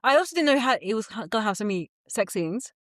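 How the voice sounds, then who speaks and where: A woman co-hosting a podcast in casual chat, her pitch swinging up and down as she talks. She laughs easily and restarts sentences often. The sound is dry and close. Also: sing-song, fast talker, fairly bright tone, dry recording. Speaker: podcast co-host.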